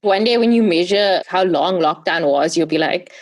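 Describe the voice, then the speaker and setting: A woman's voice: fairly low pitch, normal speed. A woman hosting a podcast interview, asking playful, teasing questions and laughing along. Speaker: podcast host.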